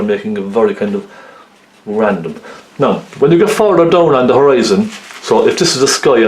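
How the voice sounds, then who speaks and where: A man's voice: medium pitch, darkish tone. A man giving a chatty, step-by-step oil painting lesson, often checking in with tag questions. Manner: chatty, lots of tag questions like okay and isn't it. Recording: roomy echo.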